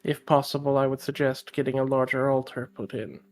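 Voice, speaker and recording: A man voicing a composed, practical adventurer who works as a smith, speaking in measured, formal sentences during a tabletop role-play. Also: medium pitch, steady tone, a little mellow, close to an everyday voice. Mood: calm.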